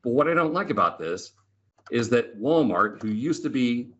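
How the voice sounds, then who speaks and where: A man's voice: mid-range voice, sing-song, moderate pace, fairly bright tone. Chatty, enthusiastic man on a dull webinar line. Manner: chatty, enthusiastic, tag questions like "right?". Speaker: Excel trainer and presenter. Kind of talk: lively storytelling webinar talk. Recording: slightly dull lo-fi webinar audio.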